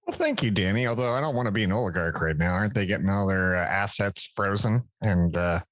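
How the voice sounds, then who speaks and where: A man's voice: lowish voice, fast, noisy background. A man co-hosting a podcast, chatting in an easygoing, dry way. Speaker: podcast co-host. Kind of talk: casual chat.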